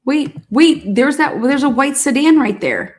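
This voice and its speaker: A woman's voice: high voice, expressive, unhurried. A woman hosting a trial commentary, reacting to courtroom video with constant swearing, laughter and outrage.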